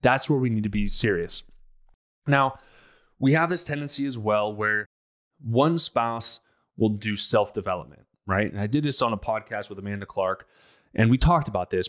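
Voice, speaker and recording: A man's voice: on the low side, fairly quick, a bit bright. A man hosting a relationship podcast, giving casual advice in a blunt, emphatic, conversational way.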